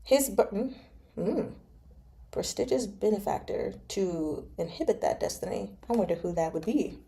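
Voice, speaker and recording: Animated woman hosting a live read-along. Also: mid-range voice, normal speed, vocal fry. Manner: animated, self-deprecating, dramatic exclamations. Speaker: book reader and channel host.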